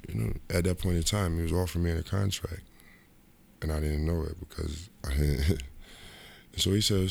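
A middle-aged former basketball player, low-pitched with vocal fry, speaks at normal speed about his career in a casual interview. He rambles, repeats, and restarts, adding lively quoted asides, and there's no room sound.

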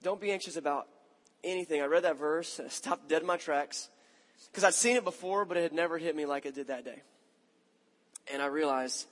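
A man's voice: fairly high pitch, a little fast. A man in his thirties preaching a sermon, telling a story about himself in a conversational, self-mocking way. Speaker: pastor. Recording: long hall reverb.

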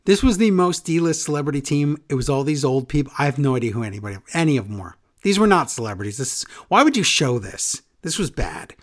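A man's voice: mid-range voice, big pitch swings, fast talker, hardly any pauses. Sarcastic, exasperated podcast co-host man. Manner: sarcastic, exasperated, mocking impressions. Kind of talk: casual chat recapping wrestling.

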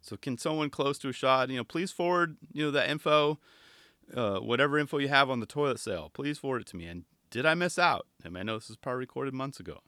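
Talking fast in a medium-pitched, bright and forceful voice, a man hosts a podcast from his home garage, chatting casually at length about a skate video. He's animated yet laid-back, wandering off topic and acting out quotes. Dry, clean studio-mic sound.

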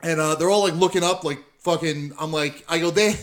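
A man's voice: on the high side, brisk. A middle-aged man telling heated, profane stories in a casual chat, acting out the people in them. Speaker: podcast co-host.

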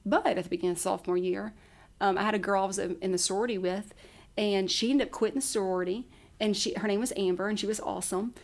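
A woman's voice: mid-range voice, fairly even intonation, fast talker. A woman telling a personal story in casual conversation, chatty and laughing often. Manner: chatty, laughs often, acts out her own past words. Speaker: podcast guest.

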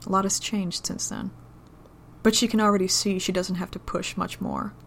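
A woman reading an adult romance story aloud in a low, intimate, steady manner. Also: moderate pace, vocal fry, slight background noise. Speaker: narrator.

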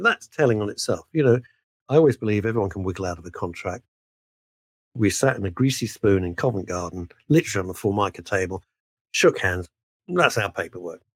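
A man's voice: on the low side, husky, dry recording. A man, a veteran broadcaster talking as a guest in a podcast interview, emphatic and full of asides. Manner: animated, emphatic, frequent laughs and asides.

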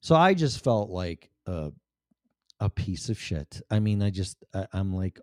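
Animated, blunt-talking man. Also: deep voice, moderate pace, dry recording, studio quality. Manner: blunt, profane, animated storytelling. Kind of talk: personal storytelling monologue.

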